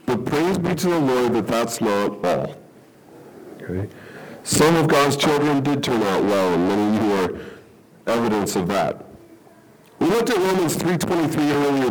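A man's voice: mid-range voice, slight background noise, poor audio. A man preaching a sermon, telling a story and then reading scripture in a conversational way. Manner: conversational, checks in with "okay?". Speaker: pastor.

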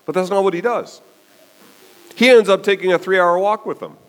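A man preaching a sermon as a pastor, telling the story with animated delivery and often checking in with "okay?". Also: high-pitched, brisk.

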